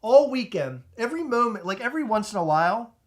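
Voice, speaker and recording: A man co-hosting a podcast, telling a comedic story in an animated, excitable way, stumbling over restarts and shouting out retold lines. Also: high voice, fast talker. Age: adult with a child. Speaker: podcast co-host.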